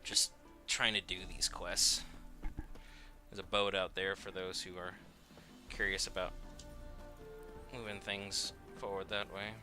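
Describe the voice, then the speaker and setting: A man's voice: low voice, little pitch movement, a little slow, pauses often, bright, forceful tone, faint music behind. A man streaming a game, chatting casually and wryly to his chat as he plays. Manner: chatty, wry, talks to chat. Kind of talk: casual gameplay commentary.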